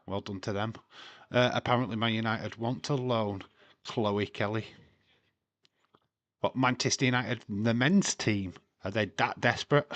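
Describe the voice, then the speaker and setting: A man's voice: fairly low pitch, fairly even intonation, measured pace, long pauses, a bit bright, dry recording. A man hosting a casual live watch-along stream, chatting, reading out scores and lineups, swearing freely and laughing often.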